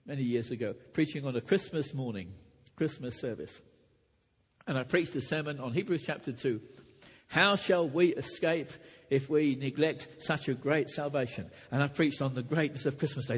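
Male preacher, earnest sermon delivery, husky tone, long hall reverb. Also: fairly high pitch, a bit bright. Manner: earnest, with frequent restarts and rising emphatic peaks.

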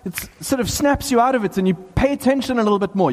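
A man preaching a sermon to a small gathering, talking with lively excitement and bursts of emphasis. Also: very high voice, quick pace. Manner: animated, bursts into excited shouts and laughs. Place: small hall with a few people. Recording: long hall reverb.

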